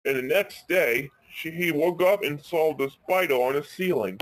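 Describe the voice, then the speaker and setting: A man's voice: fairly high pitch, animated, normal speed, few pauses, dry recording. Rambling man telling a story. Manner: rambling, frequent restarts. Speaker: YouTube storyteller. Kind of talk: casual improvised storytelling.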